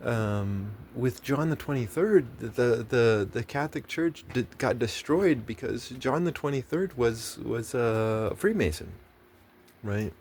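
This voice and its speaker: An animated American man with a mid-range, somewhat mellow voice rants at a measured pace, swearing freely. His rambling is broken up by restarts and fillers, and there's faint noise behind him.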